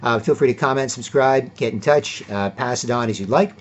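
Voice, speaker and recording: A man's voice: medium pitch, a little fast, a little hiss or hum. A man ranting in a casual, profane, rambling commentary vlog. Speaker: vlogger and commentator.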